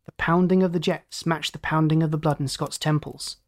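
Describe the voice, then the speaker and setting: A narrator reading a story aloud in a steady, dramatic way. The pace stays even, with pitch in the middle range for a reader. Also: a little fast. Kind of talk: audiobook narration.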